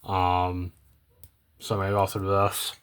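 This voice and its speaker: Deep voiced young guy rambling about his coin finds, lots of ums, trails off quiet. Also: completely flat delivery, slow, clean tone. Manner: rambling, hesitant, many ums and self-corrections; low-key, trails off quietly at phrase ends. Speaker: coin collecting vlogger. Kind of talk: casual unscripted commentary while sorting coins.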